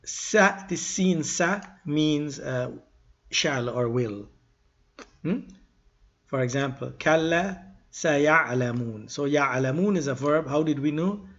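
In a recording with the highs cut off, a man with a fairly high, lively voice teaches Arabic grammar casually. He rattles through verses, then slows down to explain them, with pauses and self-corrections.

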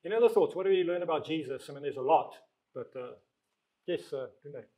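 A man with a somewhat high voice guides a small Bible study group. He talks casually, reads scripture aloud at a slower pace and keeps turning questions back to the room. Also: expressive, dark tone, low-quality recording. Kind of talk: leading a group Bible discussion.

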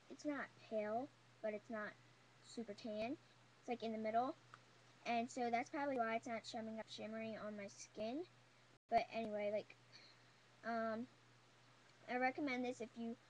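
A young woman talks through her makeup haul in a chatty, gushing way, her voice pitched a little above the usual. Faint background hiss sits under the recording. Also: rough recording. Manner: gushing, chatty, full of "like" and "oh my god". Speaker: beauty vlogger. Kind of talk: casual haul video chat.

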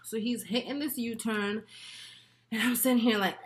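A woman vlogger chatting casually while doing her makeup, telling a story in an animated, profane way with frequent laughter. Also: fairly high pitch, moderate pace. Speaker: beauty vlogger.

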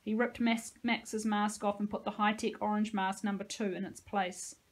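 A woman, a teacher, reading a novel aloud with expressive, dramatic storytelling. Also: medium pitch, moderate pace, low-quality recording.

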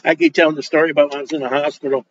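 High-pitched joking preacher, lo-fi sound. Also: male voice, rapid-fire. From Polish Roman Catholic upbringing. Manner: joking, animated, acts out quoted dialogue. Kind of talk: sermon. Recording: dull lo-fi sound.

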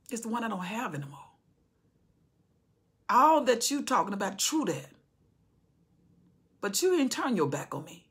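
A woman explaining a Bible chapter, swinging between loud preaching and hushed whispers. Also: on the high side, sing-song, a little slow, long pauses, husky. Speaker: Bible teacher.

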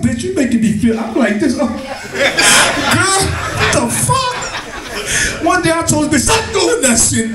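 A man doing stand-up comedy, telling loose, profane, animated stories and bantering with the crowd. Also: very high-pitched, recorded from a distance. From Brooklyn, New York. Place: comedy club. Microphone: handheld stage mic. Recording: echoey club recorded from afar, crowd.

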